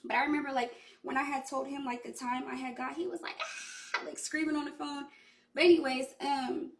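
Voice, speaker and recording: Young female artist, raspy fry, casual rambling story time, roomy and off-mic. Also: high-pitched, steady tone, fairly quick. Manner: loose, profane storytelling full of "like". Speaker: recording artist. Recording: echoey room, voice far from mic.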